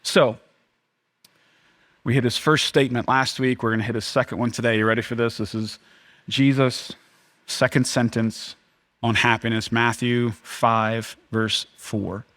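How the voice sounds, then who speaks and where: A young male pastor delivers a sermon in a church, his voice sitting at an ordinary middle pitch. He preaches in a lively, conversational way, often jumping up in pitch and volume to act out a listener's reaction. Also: a little slow. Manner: animated, acts out crowd reactions in a raised voice.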